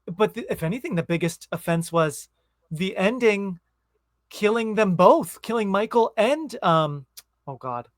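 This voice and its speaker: A man's voice: high voice, animated, a little slow, dry recording, studio quality. A man co-hosting a movie podcast, chatting casually and rambling with lots of asides. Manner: rambling, self-interrupting, trailing asides. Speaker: podcast co-host. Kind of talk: casual movie review chat.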